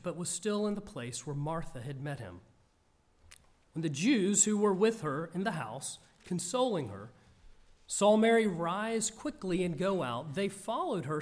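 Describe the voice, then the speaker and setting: A man reading scripture aloud and then preaching on it, slow and earnest. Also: high voice. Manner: slow, measured, earnest delivery.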